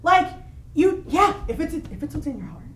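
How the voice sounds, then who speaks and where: A woman's voice: sits high, sing-song, normal speed, fairly bright tone. A woman improvising a chatty, encouraging friend named Sheila in a live comedy scene. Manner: upbeat and supportive, laughing along. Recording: echoey club, distant mic, audience noise.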